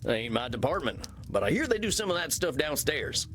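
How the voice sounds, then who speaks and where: Game role: a homespun therapist, higher voice with bouncy swings. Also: male voice, very animated, brisk, a bit bright, faint music behind. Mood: folksy. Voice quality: folksy drawl. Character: folksy easygoing male cowboy therapist. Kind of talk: video game voice acting.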